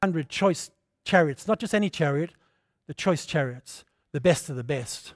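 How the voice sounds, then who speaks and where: A man preaching a passionate sermon, rising to loud declarations and dropping to quiet storytelling. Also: on the high side, animated, normal speed, no echo, studio quality. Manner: impassioned preaching, swinging between loud declarations and hushed storytelling.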